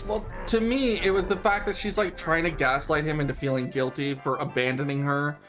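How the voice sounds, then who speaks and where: A man's voice: on the high side, fairly quick, fairly bright tone. Rambling man chatting mid-game. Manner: rambling, many fillers and restarts. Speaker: speedrunner streaming a game. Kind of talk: casual chat while gaming. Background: game music.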